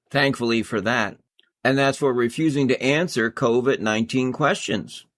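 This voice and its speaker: A male commentator reads through political headlines at an unhurried, deliberate pace. After each one he adds a dry, sarcastic remark, and his voice sits at a middle pitch. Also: a bit bright. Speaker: host.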